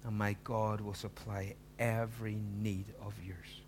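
A man delivers a sermon in a somewhat low voice, earnest and pleading. He presses his listeners with rising, emphatic questions. A faint hum sits under the recording. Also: level tone, a little slow, few pauses. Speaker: preacher.

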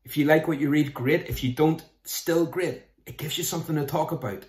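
A man's voice: on the high side, a little fast. Earnest man preaching in a roomy space. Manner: earnest, conversational preaching with rhetorical questions. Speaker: pastor. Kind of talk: sermon. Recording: roomy echo.

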